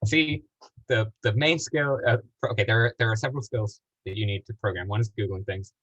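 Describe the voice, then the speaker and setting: Low-voiced man teaching over a lo-fi call. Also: brisk, fairly bright tone, dry recording. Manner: rambling, self-deprecating, lots of fillers. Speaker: workshop instructor. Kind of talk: casual live tutorial. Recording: dull lo-fi call audio with faint noise.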